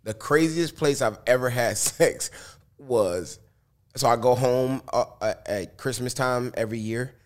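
A man's voice: mid-range voice, a little slow. A man as a guest on a casual interview show, laid-back, laughing easily and talking in loose slang.

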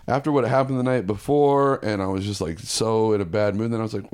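A man's voice: on the low side, fast, few pauses, clear, resonant tone. A young man, a comedian, telling stories in a casual chat and acting out the people in them. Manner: animated storyteller acting out quotes. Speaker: comedian guest.

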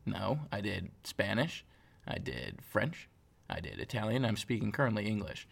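A young man co-hosting a casual podcast, teasing his co-host with quick jokes. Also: lowish voice, big pitch swings, vocal fry. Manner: teasing, joking banter. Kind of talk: casual chat.

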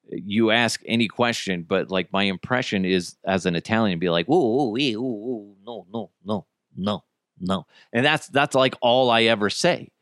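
A man's voice: mid-range voice, dry recording, studio quality. A man hosting a podcast, chatting casually and rambling, with frequent swearing. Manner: animated, profane, rambling. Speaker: podcast host. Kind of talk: casual comedic chat.

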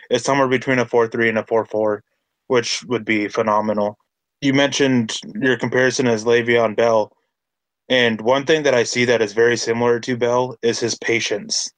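A man with a mid-range voice hosts a casual sports podcast. He speaks with enthusiasm and stacks repeated phrases as his excitement rises. The sound is dry and close. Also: mid-range voice, normal speed, dry recording. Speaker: podcast host.

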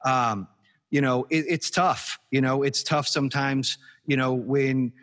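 A man's voice: mid-range voice, steady tone, unhurried, a bit bright. A man from Arizona hosting a podcast, giving a motivational pep talk with many restarts and fillers. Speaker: podcast host. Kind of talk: casual podcast chat.

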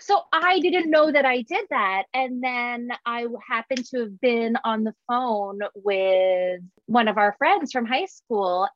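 A woman's voice: on the high side, slight background noise. Chatty woman host on lo-fi audio. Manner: chatty, laughs often, fast asides. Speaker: podcast host. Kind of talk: casual chat. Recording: dull, lo-fi sound.

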